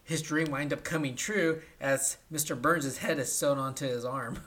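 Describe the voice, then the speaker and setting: A man's voice: a little high, normal speed, a bit bright. Rambling man recapping with "right?". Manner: rambling retelling, tags lines with "right?". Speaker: podcast host. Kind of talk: casual chat.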